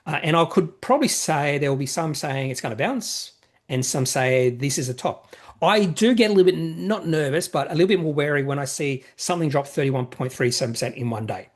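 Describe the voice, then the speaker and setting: Male host, casual market commentary, slightly high-pitched, rambling and self-correcting. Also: expressive, brisk. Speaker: investing channel host. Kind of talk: casual market commentary, reading viewer questions.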